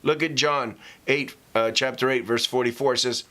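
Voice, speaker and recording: A man preaching a casual vlog sermon as a pastor. He talks conversationally with fillers and reads scripture slowly for emphasis. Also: medium pitch, fairly even intonation, pushed and bright.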